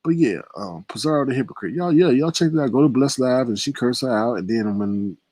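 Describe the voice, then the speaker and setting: Male host, casual commentary, laughs often, very expressive pitch. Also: no echo. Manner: chatty, laughing, drawn-out exclamations.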